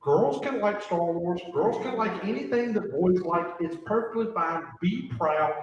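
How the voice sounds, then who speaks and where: A man with a drawl tells a story on a convention panel. His voice sits fairly high and carries a lot of bounce. He sounds like he is some distance from the mic, in a very echoey room with faint background noise. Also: normal speed, dull audio. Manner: lively, rambling storyteller with many fillers.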